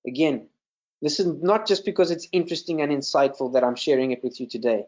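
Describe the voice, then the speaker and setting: A man's voice: medium pitch, fast talker, darkish tone. Earnest man preaching over dull audio. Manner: earnest, repeats words while teaching. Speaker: minister. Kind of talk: sermon. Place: video call with screen share.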